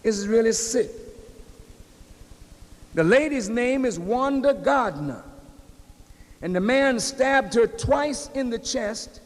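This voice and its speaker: A man's voice: very high-pitched, animated, slow, long pauses. A man minister preaching a sermon, addressing the congregation directly as brothers and sisters. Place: large hall. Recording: long hall reverb.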